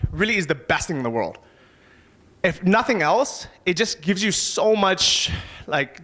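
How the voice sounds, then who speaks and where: A man giving a motivational talk on a conference stage, casual and energetic, swearing now and then. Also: a little high. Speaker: conference speaker.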